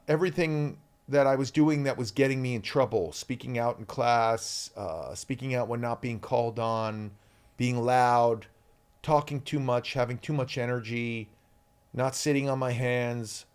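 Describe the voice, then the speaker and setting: Energetic male actor telling stories. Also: medium pitch, smooth. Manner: energetic, animated, shouts out quoted lines. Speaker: actor guest. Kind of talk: candid interview storytelling.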